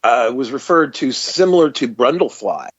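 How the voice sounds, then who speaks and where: A man's voice: mid-range voice, animated, moderate pace, fairly bright tone, slightly rough, dry recording, dull audio. A man who is a guest on a podcast, adding short remarks about a film. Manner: adds short remarks and jokes. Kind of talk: casual podcast chat.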